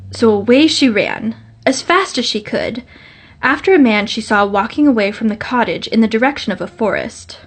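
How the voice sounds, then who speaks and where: Woman reading a fairytale audiobook, gentle and measured, bit higher voice. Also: expressive. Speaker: storyteller.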